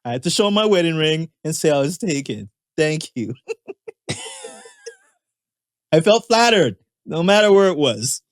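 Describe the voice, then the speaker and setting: A man's voice: a little high, very animated, unhurried, pauses often, no echo, clean studio sound. A man co-hosting a podcast in casual chat, talking in hesitant restarts and laughing often. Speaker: podcast co-host.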